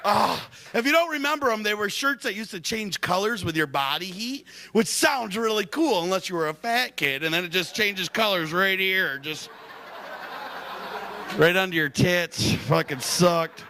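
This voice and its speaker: A young man from Michigan doing a stand-up comedy set in a club, hyper, loud and crude, laughing at his own jokes. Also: high voice, lively intonation, normal speed.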